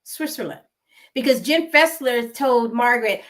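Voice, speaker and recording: A woman's voice: mid-range voice, animated, measured pace. A woman with a West Coast American accent gives casual, emphatic gossip commentary and repeats words for effect. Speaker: gossip vlogger.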